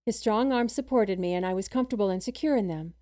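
A woman narrating a first-person story as an audiobook, with a steady, measured reading manner. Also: medium pitch.

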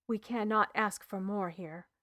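A woman's voice: mid-range voice, unhurried, fairly bright tone, natural voice. A woman voicing a weary male tribal healer who speaks in an earnest, grave manner in an audiobook reading.

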